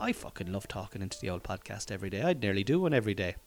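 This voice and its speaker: A man's voice: medium pitch, animated, fast, hardly any pauses, darkish tone. A man hosting his own comedy podcast, talking in a rambling, jokey way and swearing casually, recorded in a room at home.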